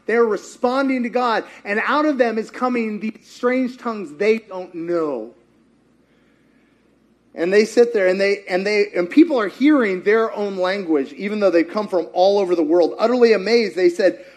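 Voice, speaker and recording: A man preaching a sermon as pastor, animated and acting out quotes with humor. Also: high-pitched. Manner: animated, acts out quotes, jokes with co-speaker.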